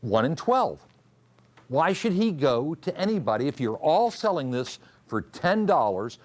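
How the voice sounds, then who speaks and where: Speaking a little slowly, with a slightly high voice and big swings in pitch, a man leads a trading class. He fires questions at students, drills the answers, and goes over the core rules repeatedly in this lecture.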